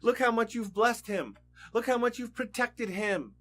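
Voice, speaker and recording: A man's voice: extremely high pitch, measured pace, a bit bright, soft background music, pitched above the performer's own voice, heavily acted. A man telling a Bible story voices a sly, mocking male adversary spirit in a raised, pushy voice. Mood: sneering. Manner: mocking, dismissive.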